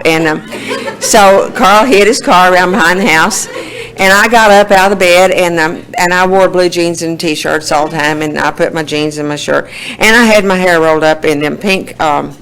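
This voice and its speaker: A woman's voice: lowish voice, a bit bright, poor audio. A woman in her sixties with an Oklahoma accent, telling her life story in a folksy way at a recovery meeting, laughing often. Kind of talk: personal testimony.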